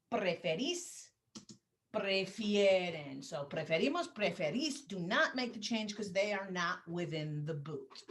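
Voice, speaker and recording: With a mid-range voice, a female Spanish teacher works through a grammar lesson. Her explanations are patient, and she voices example phrases slowly for the class to repeat.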